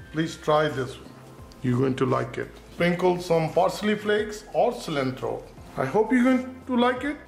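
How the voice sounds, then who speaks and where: High-voiced man demonstrating a cooking recipe. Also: creaky. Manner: instructive, repeats cautions, narrates each step with times. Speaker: cooking channel host. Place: home kitchen. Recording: echoey room with faint noise.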